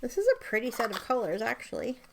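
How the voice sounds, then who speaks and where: A woman's voice: fairly high pitch, quick pace, vocal fry, noisy background. A young adult woman chatting casually as she swatches inks for her vlog, often dropping to a half-whisper. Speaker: stationery vlogger. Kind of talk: casual show-and-tell while swatching ink.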